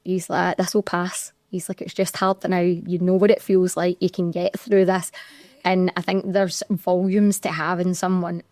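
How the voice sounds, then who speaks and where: A woman's voice: lowish voice, level tone, normal speed, a little mellow, no room sound. A young adult woman with a Scottish accent, co-hosting a podcast and telling a candid, emotional story from her own working life. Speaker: podcast co-host. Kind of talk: casual chat.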